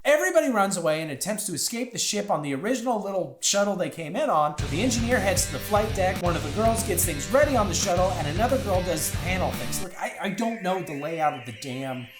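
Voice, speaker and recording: A man's voice: high voice, expressive, fast talker, few pauses. A man narrating a comedic movie recap with sarcastic, crude asides. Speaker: YouTube host. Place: indoors next to a clothes dryer. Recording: echoey room with music bed.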